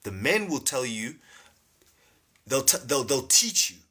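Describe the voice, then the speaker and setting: A man's voice: mid-range voice, big pitch swings, measured pace, sharp tone. A man, giving a rambling, playful spiritual lecture on a live stream. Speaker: spiritual teacher.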